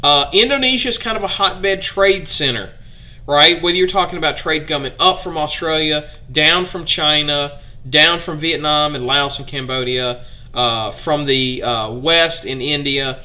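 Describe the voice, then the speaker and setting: A man's voice: on the high side, a little slow, bright, forceful tone. A man from Alabama with a Southern accent, hosting a casual live history stream, chatting with viewers, putting questions to them and stumbling over foreign names.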